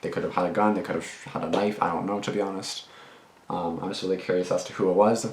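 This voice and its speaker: Speaking fast in a low voice with fairly even intonation, a young man mixes reaction commentary with a personal story. He's a reaction channel host, and his loose delivery is packed with fillers, restarts and curse words, recorded in an echoey room with faint noise behind him.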